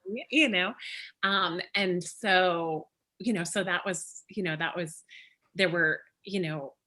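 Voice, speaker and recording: A woman's voice: on the low side, takes it slowly, sharp tone. A woman author chatting casually as a guest, rambling with lots of fillers and restarts. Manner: rambling, many "you know" and "like" fillers, restarts. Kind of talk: casual chat.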